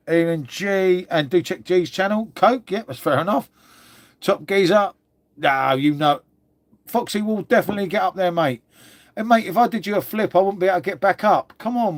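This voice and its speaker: A man's voice: fairly high pitch, no room sound. A middle-aged English man with an English accent hosting a casual livestream, chatting with viewers in a matey way. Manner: chatty, matey, says "mate" a lot. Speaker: livestream host. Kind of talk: casual live chat reading viewer comments.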